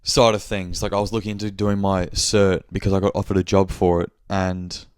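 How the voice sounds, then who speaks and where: A man's voice: deep voice, flat delivery, fairly quick, darkish tone, smooth, dry recording, clean studio sound. A young man hosting his own podcast, chatting loosely on his own with lots of fillers and casual swearing. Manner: loose and rambling, heavy filler "like", frequent swearing. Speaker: podcast host. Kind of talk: casual solo chat.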